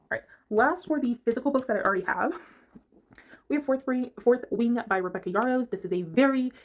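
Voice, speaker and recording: A woman who reviews books talks about them casually in her bedroom, her pitch ordinary. Chatty and wandering between points, she often hunts for the right word.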